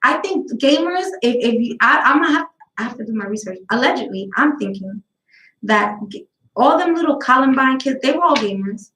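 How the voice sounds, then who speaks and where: A woman's voice: high voice, animated, brisk, pushed and bright, roomy sound, poor audio. Blunt, profane New woman. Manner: blunt, profane, rambling storytelling. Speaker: host of a live talk stream. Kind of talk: casual chat.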